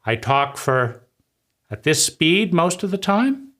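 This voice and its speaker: A man's voice: fairly high pitch, very animated, takes it slowly, a bit bright. A man giving a reflective spoken lecture, who asks himself questions, answers them, and keeps checking in with "right?". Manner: conversational, keeps asking "right?". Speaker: speaker giving a talk.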